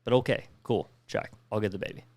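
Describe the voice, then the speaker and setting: Low-voiced man telling a war story. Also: fairly quick, darkish tone, dry recording. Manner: profane, recounts with quoted dialogue. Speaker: podcast co-host, veteran. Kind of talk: casual storytelling.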